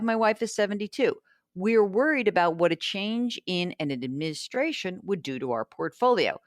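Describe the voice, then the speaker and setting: A woman hosting a radio show about money, telling a story and reading listener mail in a chatty, animated way. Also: low-pitched, no room sound, clean studio sound. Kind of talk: casual radio talk.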